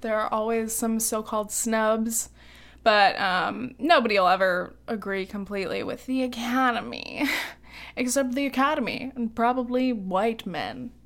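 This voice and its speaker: A woman's voice: fairly high pitch, a little slow, a bit bright. A young adult woman co-hosting a podcast in casual chat, chatty and giggly, with lots of ums and likes. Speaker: podcast co-host.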